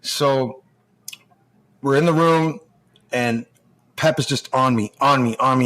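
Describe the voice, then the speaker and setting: A middle-aged man, a former hockey player and podcast guest, telling profane locker-room stories in a lively, casual way full of restarts. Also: mid-range voice, a little slow, pauses often. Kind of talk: casual storytelling chat.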